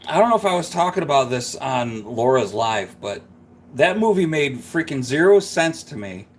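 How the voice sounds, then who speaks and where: Animated, rambling man chatting. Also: mid-range voice, moderate pace, a little hiss or hum. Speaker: live stream host. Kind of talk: casual chat.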